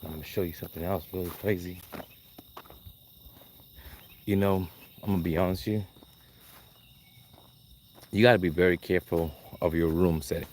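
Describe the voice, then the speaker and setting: A man's voice: deep voice, fairly even intonation, normal speed, long pauses, slight background noise. A man breeding dogs, vlogging live at night outdoors in his kennel yard, rambling and talking to himself as he films on his phone. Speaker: dog breeder. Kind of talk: casual live vlog. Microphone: handheld phone camera. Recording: loud crickets and insects at night. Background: crickets and night insects.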